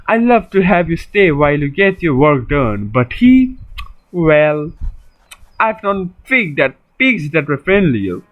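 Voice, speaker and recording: A man putting on a high falsetto to voice a grumpy island woman, stumbling over her lines. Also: sing-song, slow pace. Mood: fussy. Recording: dull lo-fi recording.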